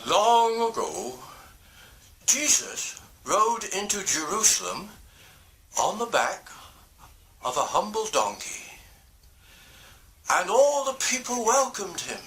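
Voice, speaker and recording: Guy doing a wise old owl, gentle n explainy, slow, bright voice. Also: high-pitched, voice pushed up, exaggerated voice. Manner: gentle, explaining, hooting laugh. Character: wise old male owl, kindly teacher.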